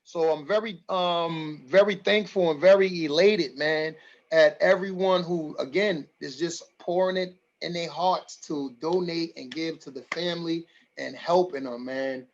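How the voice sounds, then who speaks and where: A man's voice: on the high side, steady tone, unhurried, muffled recording, slight background noise. A man hosting an online community forum, talking emphatically and repeating his lines for stress. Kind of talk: livestream community address.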